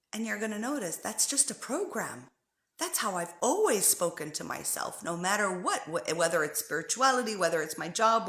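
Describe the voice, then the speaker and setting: A woman speaks as a spiritual life coach in a heartfelt, conversational monologue, often repeating phrases and sometimes dropping to a soft, hushed tone. Her voice is on the low side, and the sound is roomy.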